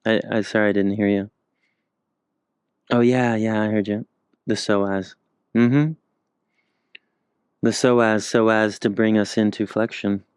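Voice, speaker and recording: A male movement instructor guiding slow floor exercises, cracking self-mocking jokes between cues. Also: lowish voice, flat delivery, clear, resonant tone, no room sound, clean studio sound. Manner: joking, self-mocking asides while demonstrating. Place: indoors on the floor. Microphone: handheld or clip mic he keeps moving.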